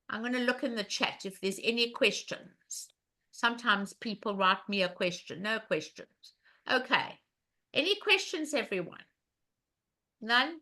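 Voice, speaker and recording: A woman's voice: fairly high pitch, sharp tone. A woman teaching a live online bridge lesson, walking through a hand in a chatty way and asking the class questions as she goes.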